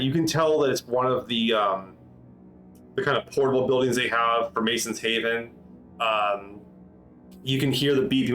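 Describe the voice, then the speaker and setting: A man's voice: medium pitch, fairly bright tone, rough recording. Man game master, rambling improvised narration, medium voice, faint music bed. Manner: rambling, many restarts and fillers.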